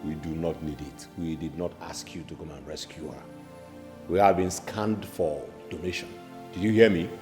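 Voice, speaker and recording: An actor playing a furious, scornful middle-aged father with a Nigerian accent, shouting insults in a film drama. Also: sits low, steady tone, moderate pace, close to an everyday voice. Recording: reverberant room with background music.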